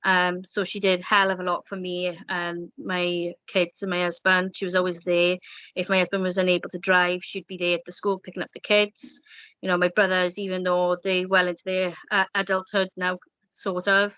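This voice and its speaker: A woman in her thirties from Wales, speaking softly in an interview about a loss, with many fillers and an emotional tone. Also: fairly low pitch, monotone, normal speed, clean tone, no room sound. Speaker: bereaved interviewee. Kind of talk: personal interview, recalling a loss. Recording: dull lo-fi sound, dry.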